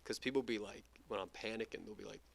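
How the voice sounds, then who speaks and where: A young man from New York, a guest in a casual interview, telling stories quickly with lots of fillers and swearing. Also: fairly low pitch, fairly even intonation, creaky, fairly bright tone. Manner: rapid, profane, filler-heavy storytelling. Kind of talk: casual chat.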